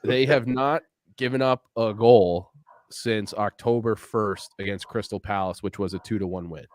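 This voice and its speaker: A man co-hosting a sports betting podcast, giving measured, analytical takes. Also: lowish voice, a little mellow. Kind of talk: casual podcast chat.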